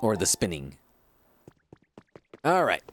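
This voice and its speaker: Over faint game music, this gaming channel host plays through a casual let's-play, joking and thinking aloud. His voice is on the low side and fairly bright, slow but with wildly swooping pitch.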